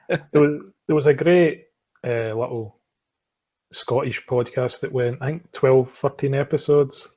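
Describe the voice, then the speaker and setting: Man, husky and slightly high; crude, joking panelist in casual chat. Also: a little mellow. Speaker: talk show panelist.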